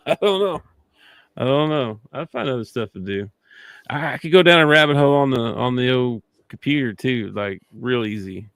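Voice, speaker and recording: Easygoing gravelly man, dry close sound. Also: mid-range voice, animated, moderate pace, a bit bright, no room sound. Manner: easygoing, laughs often, teasing. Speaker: podcast co-host. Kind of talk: casual chat.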